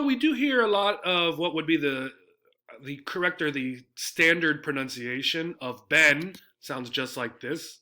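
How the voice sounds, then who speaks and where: Bright-voiced man teaching English words. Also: on the high side. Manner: explanatory, frequent tag "right?" checks. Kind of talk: slide-based vocabulary lesson.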